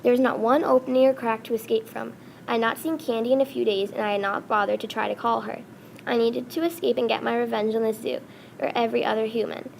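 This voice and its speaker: A woman reading a first-person story aloud, halting and often restarting words. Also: a little high, fairly even intonation, creaky, a little hiss or hum. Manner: halting, with frequent restarts and self-corrections.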